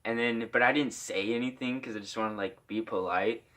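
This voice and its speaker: Young dude from iowa rambling thru a story time, says like a lot, medium pitch. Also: male voice, brisk, pushed and bright. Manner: rambling, with lots of "like" fillers.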